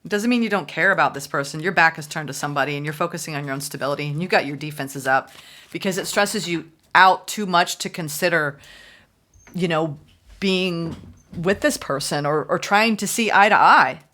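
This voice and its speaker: A woman's voice: low voice, a little fast, sharp tone. A woman giving a casual, chatty tarot reading, musing aloud and voicing the viewer's thoughts. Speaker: tarot reader.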